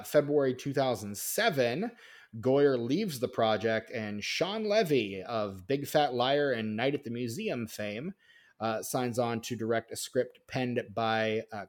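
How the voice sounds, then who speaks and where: A man's voice: mid-range voice, lively intonation, a little slow. A man hosting a film podcast in casual chat, walking through a production history from notes with many fillers and restarts. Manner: rambling, filler-heavy, reads notes. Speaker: podcast host.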